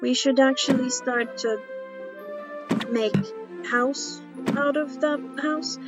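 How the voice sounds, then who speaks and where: Woman, game streamer, rambling casual chat, unhurried, music in the background. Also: sits high, fairly even intonation, poor audio. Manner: rambling, chatty, self-deprecating, many ums.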